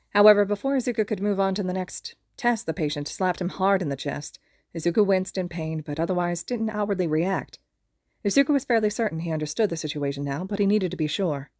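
A woman's voice: on the low side, fairly quick, dry recording, clean studio sound. A woman reading fan fiction aloud, narrating steadily as a podfic reader. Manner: steady, plain storytelling.

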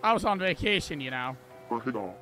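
A man's voice: medium pitch, sing-song, fairly quick, pushed and bright, voice pushed down. A man voicing a laid-back male diver with an offhand drawl, over game music.

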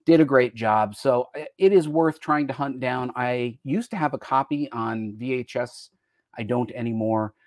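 Man, American, show host, rambling chatty delivery, middle pitch, close dry sound. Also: moderate pace, a little mellow, no room sound. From United States. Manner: chatty and rambling, jumps between topics mid-sentence. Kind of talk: casual live-stream chat.

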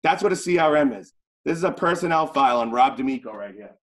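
A man's voice: mid-range voice, animated, quick pace, a bit bright. A man with a heavy Boston accent, teaching a real estate training class in a blunt, conversational, jokey way. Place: training room. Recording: echoey room.

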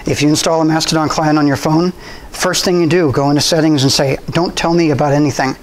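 Man giving a relaxed club talk. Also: a little high, quick pace, low-quality recording. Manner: conversational, relaxed, with frequent restarts and ums. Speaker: presenter. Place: university room.

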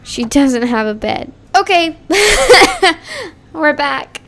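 Giggly high-voiced woman gaming. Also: expressive, unhurried. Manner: giggly, melodramatic, rambling. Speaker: YouTuber. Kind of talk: casual game commentary. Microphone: desk microphone.

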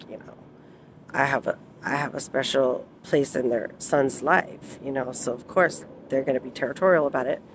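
A woman's voice: sits low, a little hiss or hum. A woman telling personal stories in a casual vlog, rambling with many fillers and frequent laughs. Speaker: vlogger.

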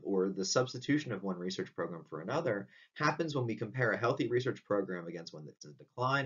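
Low-voiced man lecturing, distant lo-fi. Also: slightly rough. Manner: explanatory, frequent "right?" tag questions. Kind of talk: recorded online lecture. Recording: dull distant lo-fi audio.

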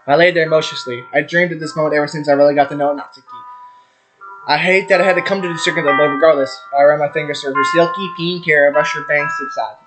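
Young guy reading a visual novel out loud real quick, keeps flubbing names and swearing, music playing behind. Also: fairly high pitch, fairly even intonation. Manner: reads fast, stumbles on names, swears and laughs at himself. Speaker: gaming YouTuber. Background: background music.

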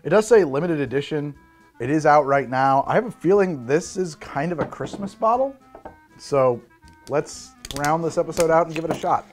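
A man hosts a casual tasting video, and his voice swings widely in pitch as he jokes and laughs. His delivery is animated and loose, and faint music plays softly behind him. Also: moderate pace. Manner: animated, joking, breaks into laughs. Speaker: host. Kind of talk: casual spirits tasting vlog.

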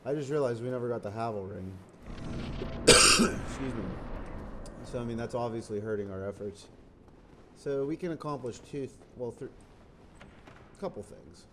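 A man talking through a video game as he plays, in a mid-pitched voice. He rambles, restarts his thoughts and blurts out curses when things go wrong. A steady hiss of background noise sits under the recording. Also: normal speed, long pauses. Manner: rambling, thinks aloud, breaks into exclamations and curses. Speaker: let's play host. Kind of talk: casual gameplay commentary.

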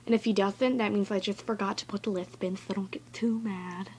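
A woman's voice: medium pitch, fairly even intonation, brisk, darkish tone, a little hiss or hum. A woman recording a casual, rambling tutorial vlog in her bedroom, chatty and goofy and easily sidetracked. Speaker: vlogger.

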